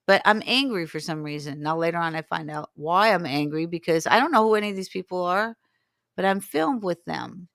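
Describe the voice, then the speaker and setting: A woman's voice: fairly low pitch, fairly quick, gravelly, dry recording, studio quality. A woman in her sixties, a guest in an interview, telling a long story and acting out what people said to her. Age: 60s. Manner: animated, acts out quoted dialogue. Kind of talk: storytelling in conversation.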